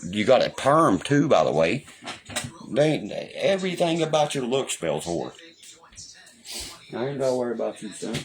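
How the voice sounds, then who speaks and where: A man's voice: medium pitch, very animated, normal speed, pauses often, a little hiss or hum. A man ranting angrily on a livestream, swearing constantly and taunting his critics. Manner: profane, combative, taunting. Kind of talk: angry livestream rant.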